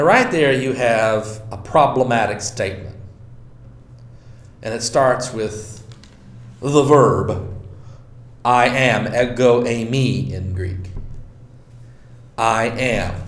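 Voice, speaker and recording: Slow, deliberate male Bible teacher. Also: mid-range voice, a bit bright, echoey room. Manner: slow, deliberate, reads scripture aloud then explains.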